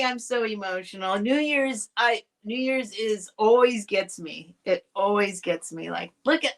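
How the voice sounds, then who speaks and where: Slow-talking woman hosting a live stream. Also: mid-range voice. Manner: chatty, rambling, restarts sentences, speaks to viewers directly. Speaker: host selling vintage items on a live stream. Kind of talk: casual live sale chat. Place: home streaming setup, talking to a camera.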